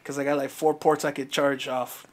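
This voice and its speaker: A man's voice: medium pitch, normal speed, slight background noise. A young man telling a long, profane story on a podcast, acting out what everyone said. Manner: profane, animated, acts out quoted dialogue. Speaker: podcast co-host. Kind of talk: casual storytelling chat.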